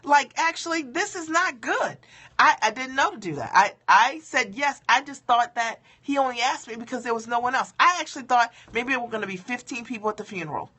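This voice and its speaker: A woman with a bright, forceful voice pitched slightly high tells a humorous personal story to an audience of mothers. She talks in an animated way, laughs at herself, and keeps checking in with her listeners. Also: fast talker, few pauses, husky. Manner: laughs at herself while telling. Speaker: motivational speaker for moms.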